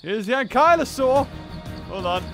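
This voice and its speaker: A man reacts loudly to a video game, yelping and laughing as he plays. His voice sits high and swings wildly in pitch. Game music runs clearly behind him. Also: lively intonation, normal speed. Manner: yelps, shouts and laughs at the game. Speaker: gaming video creator. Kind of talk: excited gameplay commentary.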